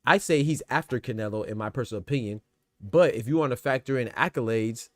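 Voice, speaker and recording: A man's voice: mid-range voice, quick pace, no echo, studio quality. A man hosting a boxing podcast stream, talking casually with many fillers and restarts. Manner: conversational, repeats fillers like "you know what I'm saying", restarts words. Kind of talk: casual livestream commentary.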